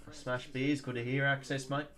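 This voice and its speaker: A man's voice: medium pitch, creaky, a bit bright. A man around twenty with an Australian accent, hosting a casual live watch-along stream, chatting loosely and reading out viewer comments. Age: 20s. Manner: chatty, reads viewer comments, says "mate" often. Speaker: livestream host.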